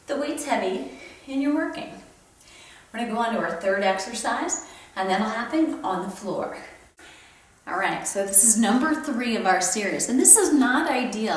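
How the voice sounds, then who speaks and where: A woman in her fifties, a fitness instructor, demonstrating a home workout in an encouraging way, a little out of breath. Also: mid-range voice. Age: 50s. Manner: encouraging, counts reps while lifting. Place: home room. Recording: very echoey room, far from mic.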